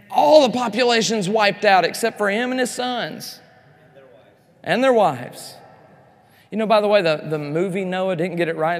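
A man with a high voice delivers an animated Bible teaching to a conference crowd. He addresses the room directly and drops in joking asides as he goes. His words ring out with a long reverb from the large hall. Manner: animated, speaks straight to the audience with joking asides. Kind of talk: lively teaching sermon.

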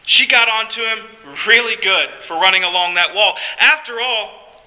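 A man's voice: high voice, moderate pace, bright, forceful tone, low-quality recording. A man narrating a first-person story in an earnest, heartfelt way.

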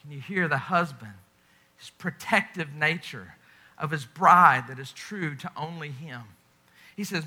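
A man preaching a sermon with passion, often dropping to a hushed, intense delivery. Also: a little high, a little slow. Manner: impassioned preaching with dramatic drops to a hush. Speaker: pastor.

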